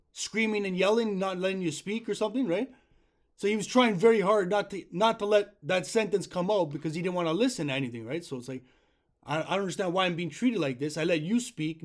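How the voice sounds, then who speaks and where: Frustrated man, high-pitched voice, insistent, complaining to support, keeps asking right. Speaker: self-publishing author calling customer support. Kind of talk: complaint phone call.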